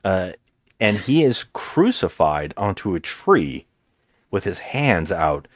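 Male podcast host, deep and very animated, meandering recap style, dry sound. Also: takes it slowly, no echo. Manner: rambling, hesitant storyteller with many restarts. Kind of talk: casual movie recap chat.

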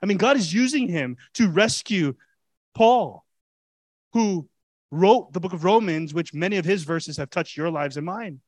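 A male pastor delivering an animated, conversational sermon, pressing his listeners with rhetorical questions. His voice sits a bit high and sounds dry and close, with little room echo. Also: a little slow.

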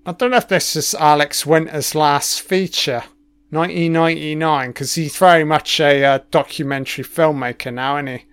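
A man's voice: a little high, fairly bright tone, clean tone. A man giving a casual running commentary on a film. He swears constantly and makes wry, offhand remarks.

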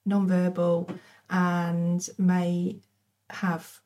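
A woman, a charity head, speaking as a podcast guest in a measured way full of "you know" and hesitations. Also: on the low side, completely flat delivery, dark tone. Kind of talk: casual conversational interview.

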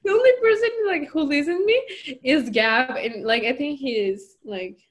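A woman's voice: sits high, lively intonation, a little slow. A young woman co-hosting a podcast, casually recapping a TV episode in a rambling way, full of "like" and giggles. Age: young adult. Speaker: podcast co-host. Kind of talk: casual chat.

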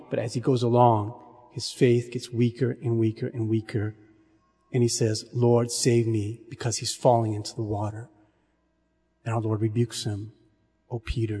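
A man preaching a sermon in an earnest, measured way, dropping his voice to a hush on key phrases. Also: mid-range voice, breathy edge. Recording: long hall reverb.

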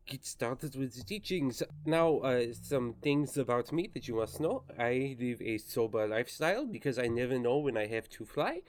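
A man voicing an upbeat, overly cheerful male flight instructor in an exaggerated comic French-German accent, halting and full of "uh"s. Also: medium pitch, expressive, no room sound, voice pushed down, lightly acted. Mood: formal. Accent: exaggerated, wobbly comic French-German accent. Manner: halting, many "uh"s, formal phrasing.

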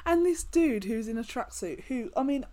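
A woman's voice: on the high side, expressive, moderate pace, mellow. A young woman, co-hosting a casual chat, teasing and laughing often. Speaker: podcast co-host.

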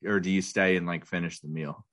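A man's voice: low-pitched, steady tone, a little fast, fairly bright tone. A man co-hosting a podcast in casual chat, laughing often and rambling through his stories with restarts. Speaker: podcast co-host.

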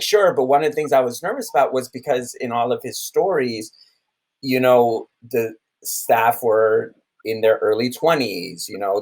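A man in his thirties, a camp theater director, telling stories in a podcast conversation, animated, with many restarts. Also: mid-range voice, rough recording. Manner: animated storytelling with many restarts and acted quotes.

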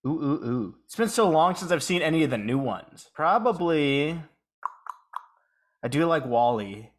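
Teasing man cohosting a podcast, lively pitch. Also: a little slow. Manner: teasing, deadpan jokes. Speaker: podcast co-host. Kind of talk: casual chat.

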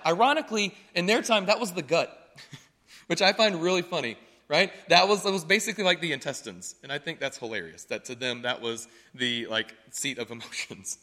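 A pastor delivering a chatty, joking sermon, often checking in with the congregation. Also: male voice, high-pitched, animated, moderate pace, pushed and bright, in a large hall. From North Carolina.

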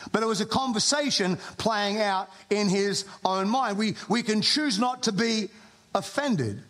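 An Australian pastor preaches to a congregation in church, his voice pitched very high for a man, expressive and a bit bright. He takes an unhurried, loose, conversational approach, slipping in humorous asides and often restarting his phrases.

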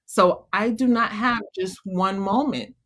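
A woman's voice: mid-range voice, unhurried. Earnest woman talking about motherhood. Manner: earnest, encouraging, animated when telling stories. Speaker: guest, mother. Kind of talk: conversational interview.

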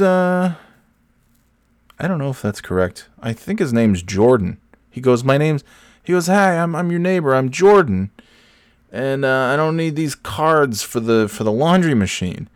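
A podcast host tells a rambling story in casual chat, correcting himself as he goes, and his pitch jumps up whenever he quotes someone. The recording is dry and studio quality.

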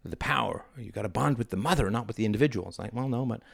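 A very low, gravelly voice comes from a middle-aged man talking very fast in a solo monologue on his own podcast. Reflective and conversational, he leans hard on key words, and the recording is dry and close with no room sound.

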